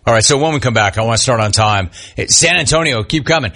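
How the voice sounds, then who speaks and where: A man hosting a sports talk radio show, animated and mocking, with swooping pitch. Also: fast, creaky, hardly any pauses.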